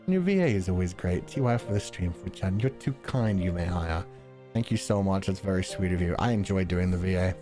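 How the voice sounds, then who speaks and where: A male streamer winds down with casual chat to his viewers, his pitch swinging in an animated way. He laughs often, thinks out loud and drops a casual swear here and there. Faint music plays softly underneath. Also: fairly quick. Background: faint background music.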